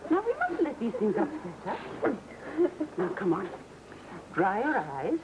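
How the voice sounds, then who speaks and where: An actress playing a gentle, patient mother back home after a long illness, with calm, consoling speech in an old television drama. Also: medium pitch, a little slow, background noise. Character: gentle mother returned from a mental hospital. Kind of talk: 1960 television drama acting.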